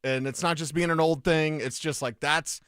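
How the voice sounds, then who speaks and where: A man from Colorado co-hosting a sports radio show, bantering casually with quick interjections. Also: on the high side, steady tone, fairly bright tone, clean tone, no echo, clean studio sound. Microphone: studio mic.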